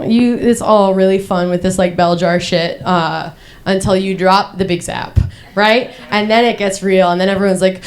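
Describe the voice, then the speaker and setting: A woman's voice: mid-range voice, fairly even intonation, normal speed. A young woman performing a stand-up monologue, rambling and profane, full of "like" fillers and restarts, darkly mocking herself. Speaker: comedian.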